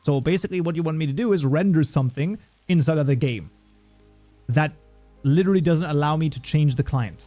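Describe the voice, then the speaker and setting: A man's voice: a little high, brisk, warm tone, dry recording, faint music behind. A man with a German accent chatting casually on a livestream, joking around and reading viewer messages aloud. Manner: joking, reads chat aloud, many fillers. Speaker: streamer.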